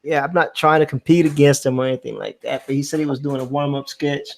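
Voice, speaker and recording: A man's voice: medium pitch, fast, vocal fry. A man hosting a casual live stream, chatting easily and greeting viewers while he inks a drawing. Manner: relaxed, chatty, reads out viewer comments. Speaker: streaming host.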